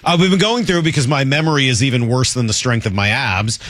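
A man hosting a casual sports talk show, rambling and laughing as he goes through football highlights. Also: fast talker, no echo. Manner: lively, rambling, laughs often. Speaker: sports radio host.

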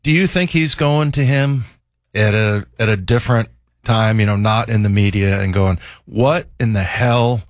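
A man's voice: lowish voice, normal speed, no echo, clean studio sound. A man co-hosting a sports talk show, a former football player who tells stories and acts out the quotes with shifts in his voice.

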